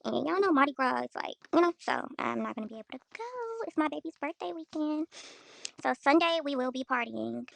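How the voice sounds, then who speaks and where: A young woman from Houston, Texas, is an influencer ranting bluntly and profanely to viewers on her own casual livestream. Her high voice moves briskly with vocal fry, and there's no room sound.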